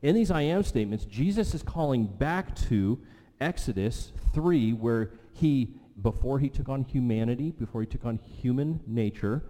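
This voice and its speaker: A male pastor preaching a sermon, telling the story vividly and dropping his voice low for emphasis. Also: animated, moderate pace, dark tone. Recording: long hall reverb.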